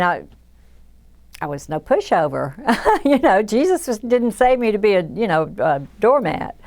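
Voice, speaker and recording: A woman's voice: low voice, gravelly. An older woman from south Georgia with a Southern American accent, reflecting in an oral history interview with many restarts and fillers.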